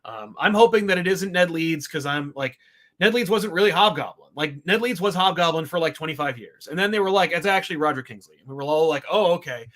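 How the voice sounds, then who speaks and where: A man's voice: a little high, animated, a little fast, fairly bright tone. A man co-hosting a podcast, reviewing comics in a rambling, wry, exasperated way. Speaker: podcast co-host. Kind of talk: casual comic book review chat.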